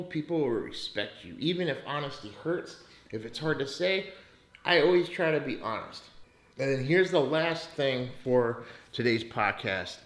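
Heard in a roomy space, a slightly bright mid-range male voice belongs to an American host of a casual finance podcast. He doesn't mince words, swearing heavily as he rants in short bursts.

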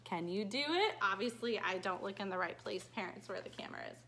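A woman who teaches dance to small children, reading a picture book aloud in a slow, animated and cheery way that coaxes them to join in. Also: mid-range voice. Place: dance studio.

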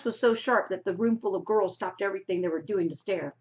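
A woman teacher reading a novel aloud to her class in a steady narrating voice, on a dull lo-fi recording. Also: mid-range voice, fairly quick, hardly any pauses.

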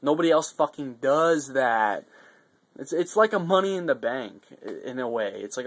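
A man's voice: medium pitch, moderate pace. Guy ranting on his vlog, swears a ton, gets all worked up then trails off with ums. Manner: profane, excitable, rambling with fillers. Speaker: vlogger reviewing a wrestling show. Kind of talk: casual rambling recap.

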